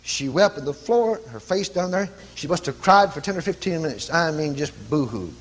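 A man preaching a sermon, telling a story and rising from quiet telling to loud commanding cries. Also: fairly high pitch, expressive, moderate pace.

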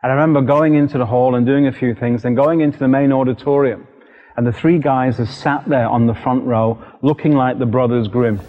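British preacher in a reverberant hall. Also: male voice, mid-range voice, brisk. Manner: animated, vivid storyteller. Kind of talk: storytelling sermon. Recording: dull lo-fi recording with long hall reverb.

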